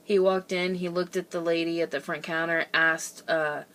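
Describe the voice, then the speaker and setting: A young woman vlogging, telling a family story in a lively casual way, laughing often and acting out the quoted voices. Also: fairly low pitch, normal speed.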